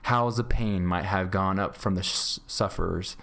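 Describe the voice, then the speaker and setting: A man, a grade school teacher, reading a storybook aloud to his class in a steady, clear way. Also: deep voice, normal speed.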